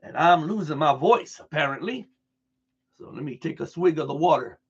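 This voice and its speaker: A man reading a broadcast transcript aloud in an earnest, deliberate way, restarting now and then over a word. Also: a little high, animated, slightly rough, lo-fi sound. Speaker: reader.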